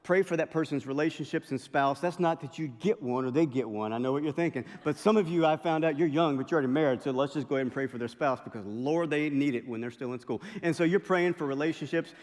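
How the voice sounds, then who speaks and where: A middle-aged male pastor preaching a sermon, telling stories in a lively way with impressions and asides. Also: fairly high pitch, fast talker, few pauses. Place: large chapel hall. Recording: long chapel reverb.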